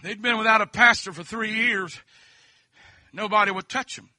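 A middle-aged man preaches in a church sanctuary in a high, ringing, very bright voice. He drops amens between phrases and surges into shouts. His voice is close-miked and dry, with no echo. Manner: fervent, fills pauses with repeated amens, shouts at peaks. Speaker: pastor. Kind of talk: holiness sermon.

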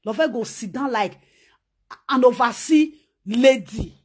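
High-voiced scolding Nigerian Pidgin woman. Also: unhurried, husky. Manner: scolding, mocking, animated; talks while sewing. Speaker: vlogger. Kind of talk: ranting vlog commentary.

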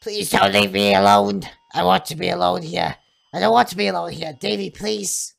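Woman voicing a frail, muddled old mother, fretful and quavering, raspy gravel in the voice. Game dialogue read aloud. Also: lowish voice, sing-song, normal speed, voice pushed up, exaggerated voice. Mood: pleading.

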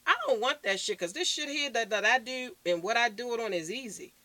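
Young woman vlogging on her phone, bright sharp voice, cussing, blunt and emphatic. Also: a little high, expressive, brisk, no echo. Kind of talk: unscripted rant to camera.

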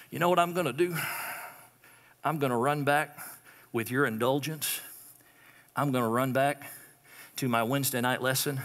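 A man's voice: medium pitch, bright, forceful tone, long reverb tail. A man preaching a sermon as a church pastor, calling out to the congregation for amens and responses. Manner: call-and-response preaching, repeated prompts to the congregation. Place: church sanctuary.

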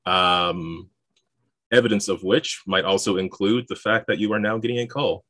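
A man running a tabletop game as game master, relaxed, laughing often and filling pauses with "uh" and "um.". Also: lowish voice, no room sound.

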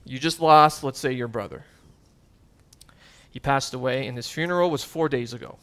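A man preaching a sermon as pastor, animated and emphatic, with casual conversational asides. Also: medium pitch, moderate pace, clean tone. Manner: conversational asides with fillers and chuckles.

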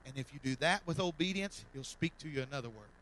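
A man preaches from a church platform, his voice bright and forceful and pitched a bit high. He builds to fervent loud calls, then drops soft and repeats his lines. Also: animated, fast talker, slight background noise, poor audio. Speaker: pastor. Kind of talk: sermon. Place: church sanctuary.

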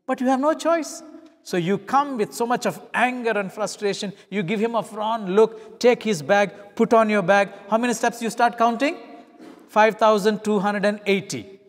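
A man's voice: high-pitched, fairly even intonation, normal speed, big-room sound. A middle-aged male pastor preaching a sermon, telling stories and acting out the dialogue in changing voices. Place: church.

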